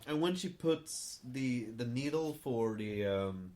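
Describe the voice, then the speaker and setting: A man's voice: medium pitch, expressive, slow, a little mellow, slight background noise. A man, co-hosting a podcast in casual chat, often hesitant and laughing. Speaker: podcast co-host.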